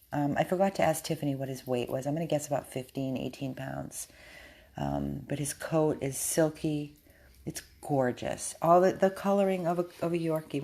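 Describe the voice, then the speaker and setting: A woman at a dog rescue talking casually to the camera about a rescued dog, switching into high baby-talk when she speaks to him. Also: gravelly, dark tone. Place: indoor rescue room.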